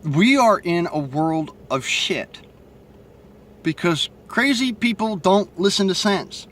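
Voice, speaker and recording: A man's voice: high voice, lively intonation, slow, a bit bright. A man with a Southern accent and a stutter, talking bluntly and profanely into his cell phone in a rambling monologue. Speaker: vlogger. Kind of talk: casual monologue to camera.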